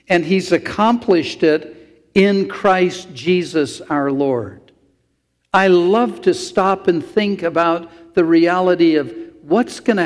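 Heard with long church-hall reverb, this man's voice sits high with a darkish tone. He's a pastor in the sanctuary, talking through scripture in a chatty way and addressing the congregation in asides.

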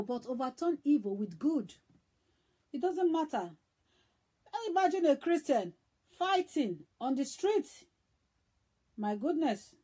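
A woman evangelist preaching in a high voice. She is emphatic and repeats herself, one moment loud and the next almost hushed. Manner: emphatic, repetitive, swings between loud and hushed. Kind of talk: sermon.

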